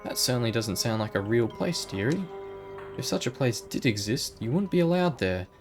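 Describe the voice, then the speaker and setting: A man's voice: medium pitch, sing-song, moderate pace, music in the background, natural voice. A man voicing a prim late-middle-aged woman librarian who speaks sweetly but sharply and calls people dearie, while reading game dialogue aloud. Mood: sugary.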